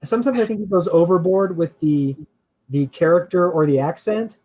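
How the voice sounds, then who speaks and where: A man's voice: high voice, normal speed, warm tone, poor audio. A man co-hosting a casual chat show who laughs often and hedges his opinions as he rambles along. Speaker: podcast co-host.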